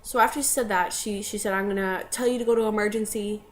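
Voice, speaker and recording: A young woman speaks fast with fairly even intonation and medium pitch, casually sharing a personal story to camera amid slight background noise. She rambles with lots of fillers and erupts in tearful laughter when quoting.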